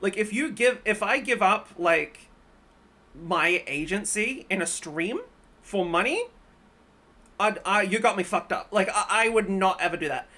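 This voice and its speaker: A woman's voice: medium pitch, animated, a little slow, sharp tone. A woman streamer reacting casually to videos, blunt and profane, who often laughs and exclaims. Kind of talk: casual live-stream commentary.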